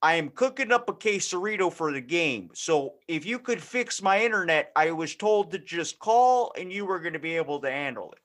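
A man's voice: on the high side, expressive, normal speed, few pauses, a bit bright. A man voicing a senile, tech-clueless old dad in an improvised comedy scene, bumbling and folksy. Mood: bumbling cheerful.

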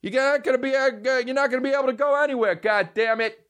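A man's voice: very high-pitched, fast talker, a bit bright, clear, resonant tone, pitched above the performer's own voice. A man putting on a grumpy middle-aged dad with a New York accent, griping profanely about traffic. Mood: fed-up.

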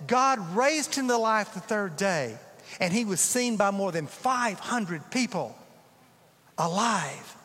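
A middle-aged man, a pastor telling stories in a sermon, swinging from dramatic rises to hushed drops. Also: sits high. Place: large church sanctuary. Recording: reverberant church hall.

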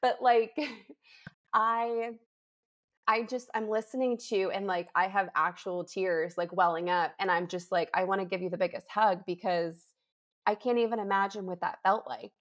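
A woman's voice: mid-range voice, fairly even intonation, normal speed. A young woman hosting a podcast, talking in an effusive, emotional and rambling way. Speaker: podcast host. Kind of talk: casual chat.

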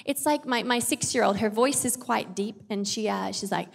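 A woman's voice: on the high side, normal speed, creaky, few pauses. A woman, giving a casual, humorous sermon in a chatty, self-deprecating way with playful asides. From Australia. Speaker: pastor. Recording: long hall reverb.

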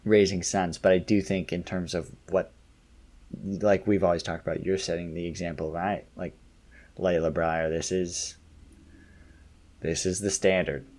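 A man co-hosting a podcast, chatting casually and affirming his partner, often pausing on fillers. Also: low voice, little pitch movement, darkish tone. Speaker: podcast co-host. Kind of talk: casual conversation.

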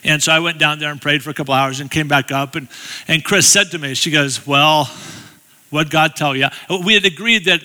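Bright-voiced man preaching in a hall. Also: a little high, fast. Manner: conversational, self-deprecating, with asides to the audience. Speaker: guest speaker. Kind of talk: storytelling sermon. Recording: long hall reverb.

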